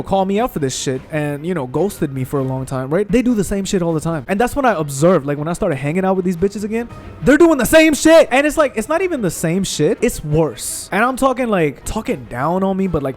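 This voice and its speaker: A man's voice: fairly high pitch, a little mellow. Fired-up ranting young man. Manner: profane, heated ranting with repeated asides. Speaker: gaming streamer. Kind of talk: let's play commentary rant.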